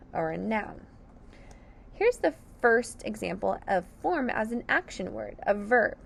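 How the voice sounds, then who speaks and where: Woman, phonics teacher, very slow deliberate pace, lively rising and falling pitch, over-enunciated sounds. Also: gravelly.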